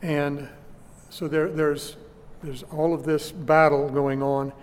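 A man preaching a sermon, teaching church history deliberately with frequent restarts, recorded in a church hall. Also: a little high, little pitch movement, a little hiss or hum. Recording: long hall reverb.

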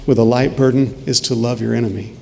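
A man's voice: mid-range voice, steady tone, quick pace, creaky, mellow. A male pastor preaching a sermon, earnest and emphatic, repeating key phrases for weight. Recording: long reverb with faint ambient noise.

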